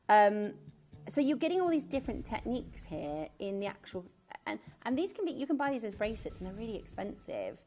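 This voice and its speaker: A woman's voice: medium pitch, sing-song, fairly quick, a little mellow. A woman presenting live TV shopping in a studio, chatty and bubbly, with frequent giggles.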